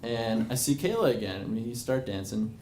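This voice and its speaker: A man's voice: medium pitch, animated, moderate pace, darkish tone. A man in his twenties telling a personal story to a live bar audience, rambling and self-mocking, with many fillers. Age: 20s. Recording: echoey bar with crowd noise.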